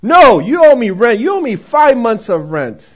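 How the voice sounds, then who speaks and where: A man's voice: very high-pitched, very animated, normal speed, slightly rough, pitched above the performer's own voice, heavily acted. A man voicing a greedy slumlord who bluntly demands his rent in a raised voice. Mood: huffy. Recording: dull, muffled recording.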